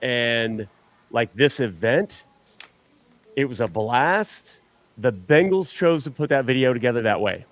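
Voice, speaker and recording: A man's voice: medium pitch, animated, unhurried, no room sound. A man chatting casually as a guest on a fan show, rambling and joking at his own expense, often restarting his sentences. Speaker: superfan guest. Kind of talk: casual chat.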